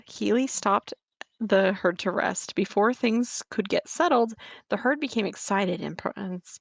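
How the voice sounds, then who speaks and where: A woman's voice: medium pitch, creaky, dry recording. A woman reading a historical ghost story aloud as a guest storyteller, stumbling and correcting herself as she goes. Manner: reads with stumbles and self-corrections.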